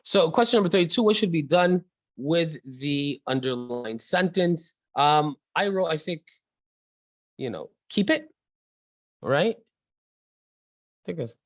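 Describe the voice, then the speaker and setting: With an Egyptian accent, a man leads an online lesson in a chatty way, calling students by name and moving between English and Arabic in the middle of sentences. His slightly high voice is animated, slow, and full of frequent pauses. The recording is rough and has no room sound.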